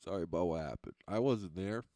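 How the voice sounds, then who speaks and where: A man's voice: deep voice, a little fast, mellow, dry recording, studio quality. A man who does stand-up comedy, chatting casually with viewers on a livestream in a loose, rambling, profane way and often laughing at his own lines.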